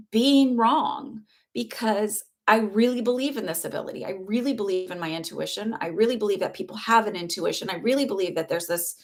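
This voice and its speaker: A middle-aged woman talking casually on a live stream as a spiritual teacher, earnest and reassuring, rambling with fillers and restarts. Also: mid-range voice. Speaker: spiritual teacher and psychic reader.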